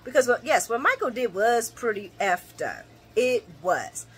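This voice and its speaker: A woman hosting a casual late-night soap opera recap vlog, animated and laughing often as she acts out characters' lines. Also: a little high, unhurried, husky.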